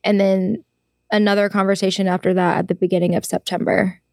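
A woman's voice: medium pitch, little pitch movement, a little fast, a little mellow, no echo, clean studio sound. A woman as a podcast guest, answering plainly in casual interview talk.

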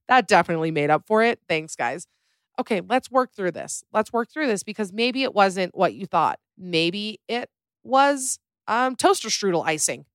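A young adult woman hosting a podcast, reading listener stories aloud with animated, chatty commentary. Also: medium pitch, no echo, clean studio sound. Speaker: podcast host.

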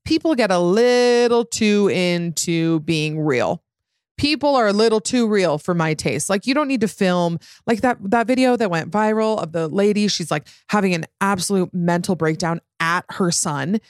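A woman in her thirties hosting a podcast, chatting casually and reading out listener stories with animated, quick asides. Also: medium pitch, no echo, clean studio sound. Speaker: podcast host.

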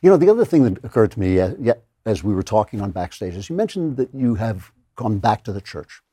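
A man hosting a conversational interview, eager and animated, often restarting his sentences. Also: fairly low pitch, fast talker, husky, no echo, studio quality. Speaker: podcast host.

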